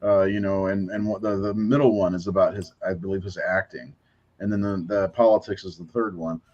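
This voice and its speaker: A man's voice: sits low, steady tone, a little fast, a little mellow. Enthusiastic man on a dull-sounding mic. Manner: enthusiastic with frequent fillers and swearing. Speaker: podcast co-host. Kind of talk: casual podcast chat.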